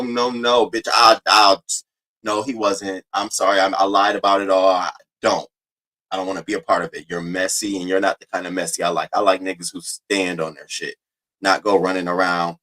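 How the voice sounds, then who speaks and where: A blunt, animated man on a livestream. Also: fairly low pitch, rough recording. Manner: blunt, animated, profane, talking straight to viewers. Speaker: livestream host. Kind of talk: casual livestream commentary.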